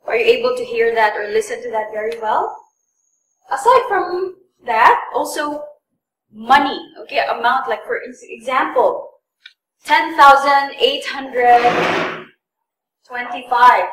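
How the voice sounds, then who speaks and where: In an echoey room with slight background noise, a woman tutoring for an English test teaches a class from a distance. Her fairly high, fairly bright voice has lively intonation and normal speed as she patiently repeats and emphasizes words for learners.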